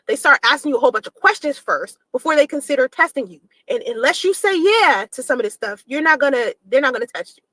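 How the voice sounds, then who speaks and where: A woman talks straight to her viewers in a relaxed vlog, her voice sitting high. She tells a personal story with lots of energy and acts out the back-and-forth she describes. The sound is close and dry, with no room around it. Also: fast talker, no room sound, rough recording. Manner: animated, acts out quoted exchanges in her telling. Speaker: mother telling her own story to camera.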